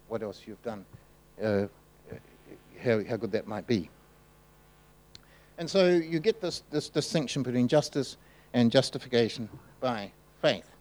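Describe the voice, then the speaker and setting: A man gives a sermon in a relaxed, conversational voice. He often pauses and restarts as he works through his points. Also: mid-range voice, low-quality recording. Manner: conversational, halting with fillers and restarts. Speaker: preacher.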